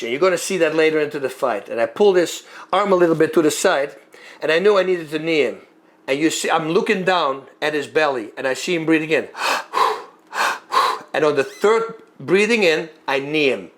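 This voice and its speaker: Animated man telling fight stories. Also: fairly high pitch, brisk. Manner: animated, acts out moves and sounds. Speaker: former fighter. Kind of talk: storytelling monologue.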